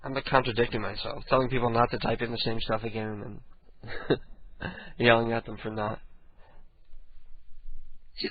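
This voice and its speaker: A man hosting a casual late-night web radio show, rambling and joking at his own expense. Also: a little high. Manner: rambling, joking, self-mocking. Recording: tinny lo-fi stream with faint music.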